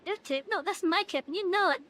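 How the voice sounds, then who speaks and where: Young woman streamer, high-pitched, playful, chatty, talking to chat. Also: brisk, fairly bright tone. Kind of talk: casual live game stream chat.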